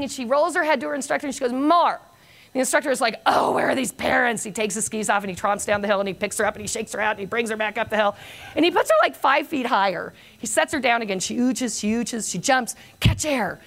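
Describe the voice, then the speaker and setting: An older woman giving a motivational conference talk, telling a long anecdote with self-mocking humor and lively storytelling. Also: a little high, gravelly. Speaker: keynote speaker.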